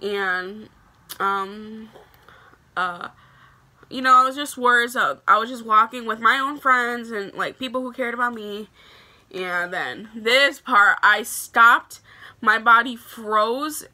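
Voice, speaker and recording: A young woman with a very bright, sharp voice pitched a little high. She chats to her camera in a loose, animated storytime style and keeps dropping "like" between phrases. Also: takes it slowly. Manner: chatty and animated, heavy use of "like" fillers. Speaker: vlogger telling a story.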